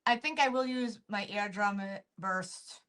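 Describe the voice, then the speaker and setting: A middle-aged woman co-hosting a podcast, telling a story in casual chat and acting out what people said. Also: measured pace. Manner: animated, acts out quotes with swings in pitch. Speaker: podcast co-host.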